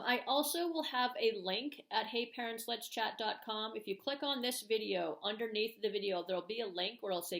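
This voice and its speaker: A woman's voice: on the high side, a bit bright, reverberant. A middle-aged woman hosting a parenting channel, giving casual advice to camera in a chatty way with many fillers, acting out what parents and kids might say. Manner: chatty, uses many fillers, acts out parent and kid lines.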